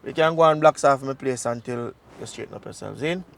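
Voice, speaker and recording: Dude playing a blunt jamaican big brother, gravelly voice, talks straight, lectures a bit. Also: male voice, mid-range voice, fast talker, close to an everyday voice. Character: man taking his deported brother in, blunt and frank. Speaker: actor in a crime drama. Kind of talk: Jamaican Patois film dialogue.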